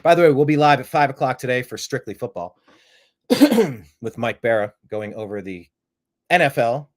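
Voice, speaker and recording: A man's voice: mid-range voice, moderate pace. A man hosting a live-streamed talk show, rambling through opinionated commentary and throwing out rhetorical questions. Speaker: host.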